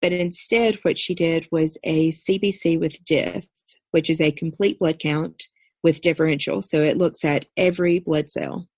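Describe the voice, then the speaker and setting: A woman in her thirties, a podcast guest, earnestly telling a personal story in a steady recounting way. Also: low-pitched, normal speed, breathy edge, dry recording. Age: 30s. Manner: earnest, steady recounting with brief quoted dialogue.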